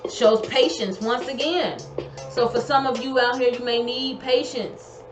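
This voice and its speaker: A fairly high-voiced woman giving a tarot reading with emphatic, colloquial advice that she keeps repeating. Her voice rings in an echoey room. Music plays steadily behind her. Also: measured pace, muffled recording. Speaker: tarot reader.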